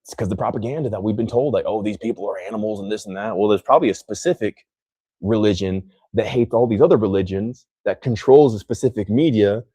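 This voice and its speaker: A man's voice: lowish voice, dark tone, no echo. A man from the United States hosting a casual podcast chat, rambling with many restarts and acting out other people's lines. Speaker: podcast host.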